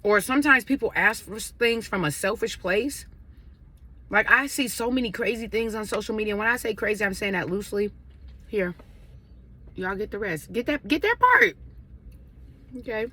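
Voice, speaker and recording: Bright-voiced chatty woman vlogger. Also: mid-range voice, moderate pace, slightly rough. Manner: chatty, addresses viewers directly, eating while talking. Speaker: vlogger sharing advice. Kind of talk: casual chat over a meal.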